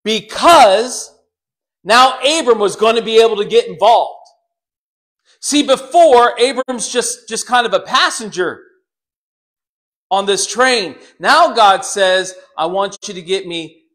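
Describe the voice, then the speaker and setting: A man's voice: high voice, slow pace. A man preaching a sermon, talking straight to his congregation and acting out the quotes he tells. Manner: animated, dramatizes quotes with put-on voices; talks directly to congregation members. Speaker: pastor.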